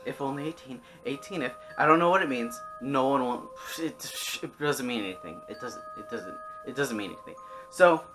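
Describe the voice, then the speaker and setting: A person giving a casual, rambling, exasperated rant reviewing an anime, full of restarts and swearing. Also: medium pitch.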